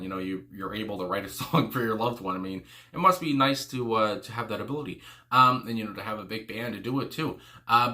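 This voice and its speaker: A man's voice: fairly low pitch, sharp tone. A man hosting a music reaction video, rambling casually with lots of "you know" fillers and frequent exclamations. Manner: exclaims "my God" often.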